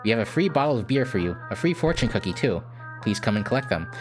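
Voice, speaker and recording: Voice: mid-range voice, sing-song, fast talker, over music, natural voice. A streamer voicing a takeaway restaurant worker who calls with a polite, formal offer.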